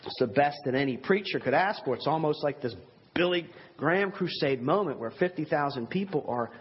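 A man's voice: a little high, lively intonation, brisk, slightly rough, dull audio. A man preaching a sermon in an earnest, conversational way with rhetorical asides. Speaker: pastor.

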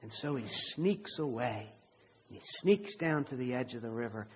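A man preaching a sermon as pastor, telling a story with slow, dramatic pauses. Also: mid-range voice, expressive, in a large hall, slight background noise.

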